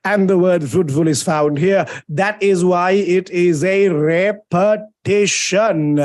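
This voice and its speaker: A young man with a Sri Lankan English accent teaches a poem in a lively live lecture, with a fairly high voice. He teases his students and draws out key words slowly for dramatic effect. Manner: lively, playful and teasing, drawn-out dramatic emphasis.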